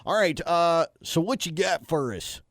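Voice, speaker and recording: A man's voice: fairly high pitch, measured pace, fairly bright tone, dry recording. Jokey male radio host, dry sound. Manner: jokey, self-mocking. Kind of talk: casual sports radio banter. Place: radio studio. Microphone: studio microphone.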